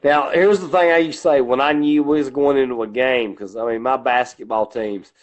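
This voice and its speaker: Middle-aged Southern man, podcast co-host, loud and profane, middle pitch. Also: fairly even intonation, fairly quick, lo-fi sound. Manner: loud, profane storytelling, acting out his own coaching lines in a deep growl. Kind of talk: casual storytelling chat.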